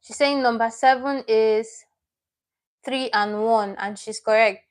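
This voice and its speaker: A woman's voice: on the high side, steady tone, takes it slowly. A woman teaching a live online language lesson, patient and repeating each word as she explains it step by step.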